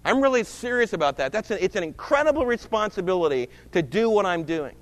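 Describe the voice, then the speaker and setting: A male pastor preaching a sermon, dramatically swinging between loud emphasis and low hushed lines. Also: very animated, fast talker, few pauses. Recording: long reverb of a large hall.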